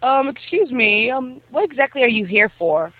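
A woman voicing a mocking teenage schoolboy bully who speaks slowly and with mock politeness, over a tinny line. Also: on the high side, expressive, no room sound. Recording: tinny phone-like dry sound.

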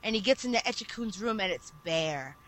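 Bright-voiced woman retelling a story. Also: mid-range voice, brisk, poor audio. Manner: animated storytelling, recounting anime plot at length. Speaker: podcast co-host. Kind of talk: casual chat.

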